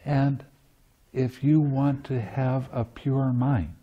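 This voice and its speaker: A man's voice: medium pitch, steady tone, slow pace, breathy edge, highs cut off. A man giving a dharma talk as meditation teacher at a retreat, teaching playfully and often laughing. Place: meditation center.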